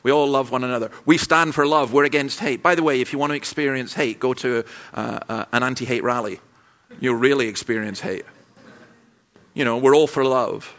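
A man's voice: medium pitch, brisk, a bit bright. Man preaching in a lo-fi recording. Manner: conversational storytelling with asides. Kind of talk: sermon. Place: church camp gathering. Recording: dull lo-fi sermon recording.

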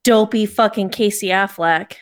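A woman's voice: mid-range voice, normal speed, dry recording, studio quality. A woman in casual podcast chat, wry and blunt, swearing offhandedly. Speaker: podcast co-host.

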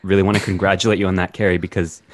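Deep-voiced male co-host, casual. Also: flat delivery, very fast, no room sound, studio quality. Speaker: podcast co-host. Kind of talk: casual recap chat.

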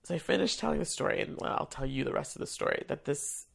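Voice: medium pitch, quick pace, vocal fry, fairly bright tone, slightly rough. An adult who works in theater education tells a personal story in a casual, chatty way, with lots of fillers, and acts out what people said. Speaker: theater education staff member.

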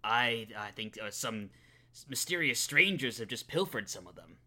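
A man's voice: mid-range voice, expressive, normal speed, pushed and bright. A man playing a tabletop game, bantering in a playful, lawyerly way. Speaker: player. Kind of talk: casual tabletop role-play.

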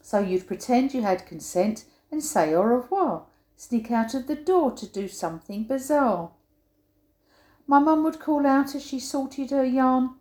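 Older woman, comic rhyming poem, lively sing-song pitch, roomy echo. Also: unhurried. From England. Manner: playful, punchy emphasis on quoted sayings. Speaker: poet. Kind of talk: reading a humorous rhyming poem.

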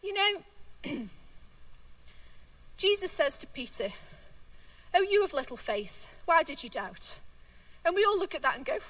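A woman's voice: very high-pitched, sing-song, measured pace, long pauses, fairly bright tone, no room sound, distant mic. A woman giving an earnest sermon, reading scripture aloud and repeating key words for emphasis. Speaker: preacher.

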